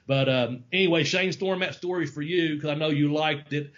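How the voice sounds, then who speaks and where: A man tells a long story in a loose, rambling way, swearing freely and laughing often. His voice sits a little higher than average. The audio is dull and lo-fi. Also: fairly even intonation, normal speed, fairly bright tone. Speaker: podcast host. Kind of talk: casual storytelling.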